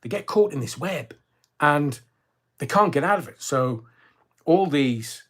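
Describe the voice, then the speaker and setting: A man's voice: on the high side, lively intonation, a little slow, fairly bright tone. An older man from Scotland, hosting a casual livestream, chatty and jokey, rambling with lots of fillers. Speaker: livestream host reading viewer comments. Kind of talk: casual chat.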